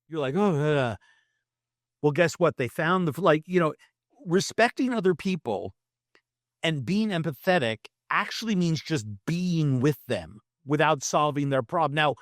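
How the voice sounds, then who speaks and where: A man's voice: a little high, lively intonation, moderate pace, no room sound, studio quality. An older man in his sixties, a guest in an interview, telling stories animatedly and acting out the quoted dialogue. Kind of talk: conversational interview talk.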